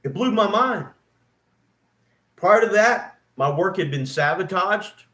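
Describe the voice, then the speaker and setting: A man's voice: high-pitched, expressive, takes it slowly, sharp tone, reverberant. A man in his fifties, a former nurse, telling his story in an emphatic, aggrieved way. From East Texas. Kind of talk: casual spoken storytelling.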